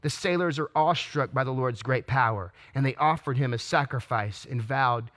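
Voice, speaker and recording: A man's voice: medium pitch, normal speed, a bit bright. A man preaching a sermon, asking earnest rhetorical questions and stumbling into restarts as he reads and explains scripture. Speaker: pastor.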